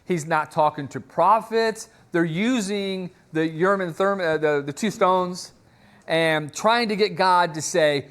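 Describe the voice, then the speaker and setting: A man's voice: sits high, a little slow, fairly bright tone. A man preaching a sermon, retelling a story in a conversational way. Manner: conversational storytelling, acts out quotes.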